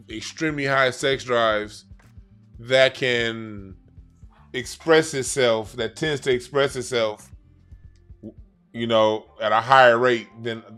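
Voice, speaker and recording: A man at a mid pitch gives a card reading in loose, casual talk. He leans hard on points, repeats himself and drops slang, while faint music sits underneath. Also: sharp tone, smooth. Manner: emphatic, repetitive, slangy, restarts phrases. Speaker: card reader. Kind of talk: casual explainer monologue.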